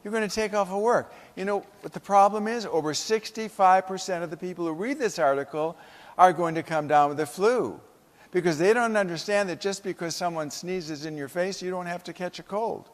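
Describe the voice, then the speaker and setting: A man's voice: sits high, brisk. A man giving a humorous, emphatic motivational keynote speech at a conference, full of stories. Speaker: keynote speaker. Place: conference hall. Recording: echoey conference hall.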